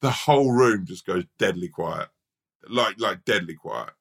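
Man, very low voice, gravelly, bright edge, rambling sweary storyteller. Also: lively intonation, a little slow, a little hiss or hum. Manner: swears a lot, rambling anecdotes. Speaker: stand-up comedian and podcast co-host. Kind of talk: casual storytelling chat.

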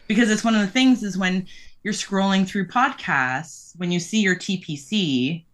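A woman's voice: mid-range voice, moderate pace. A woman guest on a podcast in casual chat, hesitant and full of fillers as she offers earnest suggestions.

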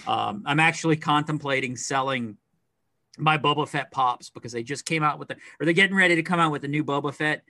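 A middle-aged man co-hosting a podcast, chatting casually in a rambling, animated way with lots of fillers. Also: a little high, brisk, no room sound. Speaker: podcast co-host. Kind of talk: casual chat.

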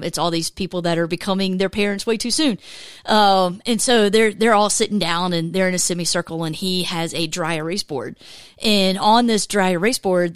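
A woman, hosting a casual faith podcast in a chatty, animated way and laughing often. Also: mid-range voice, dry recording, clean studio sound. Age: 40s. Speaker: podcast host.

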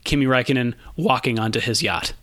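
A man hosting a casual podcast chat, relaxed, laughing easily and filling pauses with ums and uhs. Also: mid-range voice, dry recording. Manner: relaxed, laughs often, many fillers. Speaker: podcast host.

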